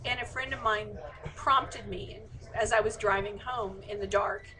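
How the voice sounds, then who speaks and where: A woman's voice: medium pitch, steady tone, unhurried, sharp tone, poor audio. A woman author in a casual online Q&A, reading out audience questions and answering them chattily with plenty of fillers. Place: indoors, remote live stream.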